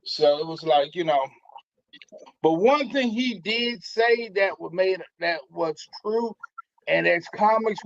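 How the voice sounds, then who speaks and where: Man, comedian, laid-back, high voice, lo-fi. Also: dry recording. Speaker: stand-up comedian guest. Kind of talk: casual chat.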